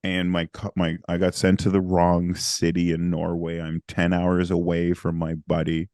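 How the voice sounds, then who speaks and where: A man co-hosting a podcast, telling a story in a casual, animated way and acting out the people in it. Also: sits low, moderate pace, dry recording, clean studio sound. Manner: animated, acts out the people in his stories. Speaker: podcast co-host.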